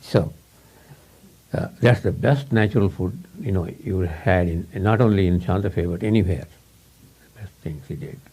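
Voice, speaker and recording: A man's voice: sits low, normal speed, darkish tone, breathy edge. A man giving a spiritual teacher's informal talk to students in English, his second language, rambling and repeating himself with frequent chuckles. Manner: rambling, repetitive, chuckles often.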